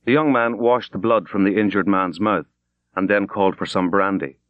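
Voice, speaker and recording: A man reading a classic short story aloud in a measured, grave, unhurried manner as an audiobook narrator. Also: on the low side, no room sound, dull audio. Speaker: audiobook reader. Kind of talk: scripted literary narration.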